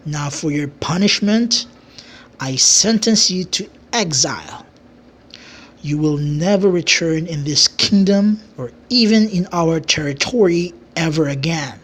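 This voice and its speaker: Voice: medium pitch, fairly bright tone, breathy edge. A narrator putting on a stern scolding king. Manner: stern, slow commands. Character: stern king scolding his traitor brother.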